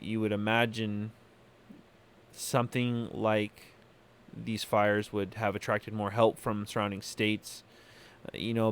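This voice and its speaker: Smooth low-voiced man giving opinions. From California. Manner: halting, many fillers and restarts. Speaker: podcast host. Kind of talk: opinionated solo commentary.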